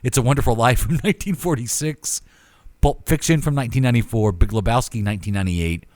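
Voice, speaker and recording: A podcast co-host chats casually, reading out a list of his favorite films along with their years. His mid-range voice is fast and darkish in tone, with no echo.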